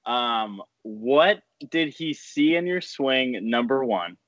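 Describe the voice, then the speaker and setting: A man's voice: medium pitch, animated, takes it slowly, a bit bright, no echo, highs cut off. A man hosting a podcast, asking eager questions and thinking aloud in casual chat. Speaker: podcast host.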